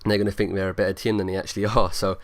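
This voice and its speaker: A man's voice: sits low, little pitch movement, rapid-fire, slight background noise. A young man rambling through casual gameplay commentary, leaning on lots of fillers. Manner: rambling, filler-heavy, talks over gameplay. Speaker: gaming YouTuber.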